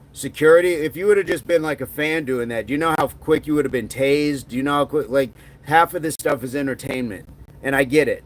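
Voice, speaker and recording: Joking man chatting on a livestream. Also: mid-range voice. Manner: loose and joking, drops into a mock movie-gangster voice. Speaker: livestream host. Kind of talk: casual livestream chat reading comments.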